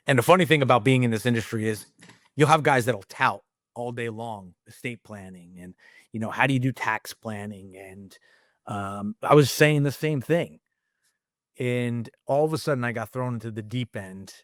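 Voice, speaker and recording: A man's voice: mid-range voice, normal speed, dry recording, clean studio sound. A middle-aged man talking candidly as a podcast guest, casual and rambling, swearing freely. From United States. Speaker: guest entrepreneur.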